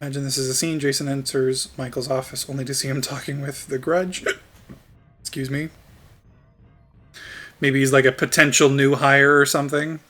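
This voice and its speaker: Bright-voiced male streamer chatting over gameplay. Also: mid-range voice, little pitch movement, moderate pace, pauses often, soft background music. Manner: rambling, laughs often, filler-heavy. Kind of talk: casual gameplay chat.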